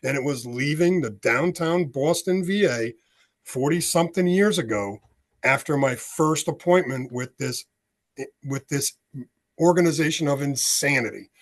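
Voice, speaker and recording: A man's voice: on the high side, a little slow. A man in his sixties from the United States, an author and veteran telling his story as a podcast guest, acting out the dialogue as he goes. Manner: animated storyteller, acts out dialogue.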